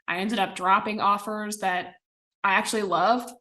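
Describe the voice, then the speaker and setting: Here a young woman from the American Midwest guests on a podcast, her medium-pitched voice steady and sharp as she talks at an ordinary pace. The interview chat is casual and chatty, sprinkled with plenty of fillers and small laughs.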